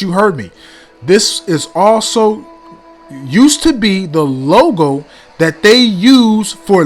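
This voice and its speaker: An impassioned man reads a text aloud to his audience, slowing down to lean hard on each phrase. His voice sits high for a man. He often breaks off for forceful asides of his own, while faint music plays underneath. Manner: impassioned, emphatic, interjecting asides. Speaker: online channel host. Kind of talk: reading a text aloud with commentary.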